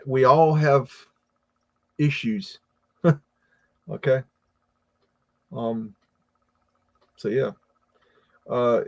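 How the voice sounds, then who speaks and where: An American man hosting a live stream, chatting casually and reading viewer comments, with a rambling, halting delivery full of repeated words and fillers. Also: medium pitch, a little mellow. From United States. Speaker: livestream host reading chat.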